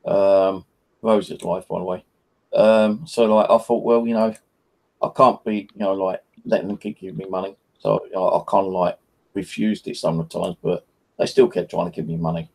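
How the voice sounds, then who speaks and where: An English man chats on a live stream, spinning a loose, meandering anecdote packed with fillers. His voice is dark and husky, with a gravelly edge. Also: low-pitched, steady tone, moderate pace. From England. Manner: rambling, full of "you know" and "like". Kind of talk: casual chat, storytelling.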